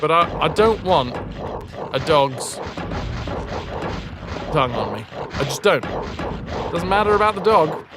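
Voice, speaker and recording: A man's voice: fairly high pitch, animated, a little slow, pauses often, very noisy. A man streaming a retro game, chatting with viewers, joking, swearing and thinking aloud as he plays. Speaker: livestream gamer. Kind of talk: casual gameplay chat to stream viewers.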